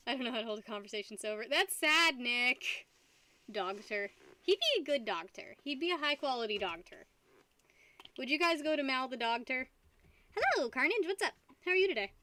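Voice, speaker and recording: A woman's voice: fairly high pitch, lively intonation, moderate pace, sharp tone, slight background noise. A young woman streaming casually, tipsy from wine, rambling and giggling while talking to her dog. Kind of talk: casual live-stream chat.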